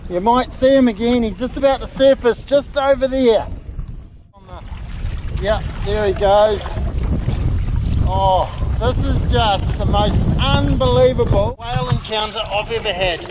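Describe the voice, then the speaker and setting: A middle-aged man with a New Zealand accent, narrating an excited outdoor vlog from a kayak at sea and often calling out loudly. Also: extremely high pitch, unhurried, rough recording. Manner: excitable, exclaiming, calls out loudly. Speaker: kayak fishing host. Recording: wind and water noise.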